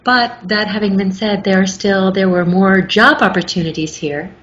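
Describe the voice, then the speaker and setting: A woman's voice: medium pitch, normal speed. Articulate middle-aged woman, muffled recording. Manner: articulate, lively storytelling. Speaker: guest, audiobook narrator. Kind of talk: casual interview chat. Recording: muffled with faint background noise.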